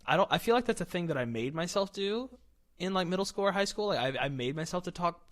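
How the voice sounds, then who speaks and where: A man's voice: high-pitched, animated, fast talker, fairly bright tone. Young guy from west virginia hosting his podcast, jokey and sarcastic, laughs a lot. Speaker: podcast host. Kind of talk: casual chat.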